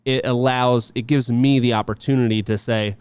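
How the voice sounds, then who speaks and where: A man co-hosting a casual podcast, his voice clean and smooth at an everyday pitch. He rambles and restarts with lots of fillers and slips into sarcastic jokes. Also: steady tone, moderate pace, darkish tone. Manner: joking, sarcastic. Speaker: podcast co-host. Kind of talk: casual chat.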